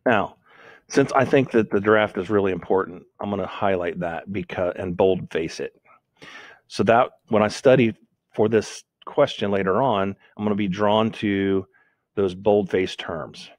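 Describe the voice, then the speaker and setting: A man's voice: fairly low pitch, measured pace, dry recording. A man giving a screen-recorded lesson on making notes, thinking aloud and correcting himself as he types. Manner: thinks aloud, self-corrects while typing. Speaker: teacher.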